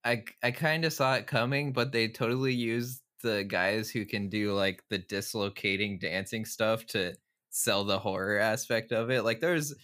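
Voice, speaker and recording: A man co-hosting a podcast, talking casually about a movie in a lowish voice. He rambles, restarts his sentences and laughs often. The sound is dry and close, with no room echo. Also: steady tone, moderate pace, a bit bright. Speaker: podcast co-host. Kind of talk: casual film discussion.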